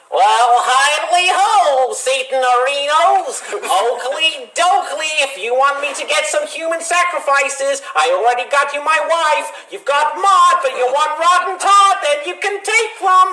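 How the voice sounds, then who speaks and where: A man's voice: extremely high pitch, lively intonation, a little slow, few pauses, sharp tone, echoey room, voice pushed up, heavily acted. A man voicing a cheerful, devout male neighbor who now serves the devil, in a sing-song folksy way. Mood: gleeful. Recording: noisy video call audio.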